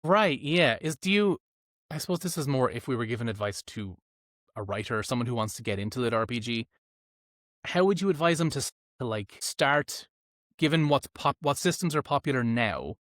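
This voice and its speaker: A man's voice: mid-range voice, a little fast, no echo, studio quality. A man who works as an audiobook narrator, chatting casually and telling stories about himself in a self-deprecating way. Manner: self-deprecating, animated storyteller. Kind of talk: casual long-form conversation.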